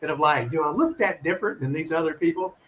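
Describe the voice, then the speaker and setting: A man's voice: fairly high pitch, quick pace. Man, casual storytelling, acts out voices, dull lo-fi sound, faint hiss. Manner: animated, acts out voices in his stories. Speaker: guest calling in.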